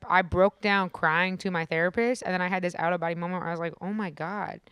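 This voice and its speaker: A soft-spoken woman, a musical comedian, chatting on a podcast at a comedy club with lots of fillers and restarts. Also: lowish voice, little pitch movement, fast talker, clear, resonant tone, no echo, clean studio sound. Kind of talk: casual podcast conversation.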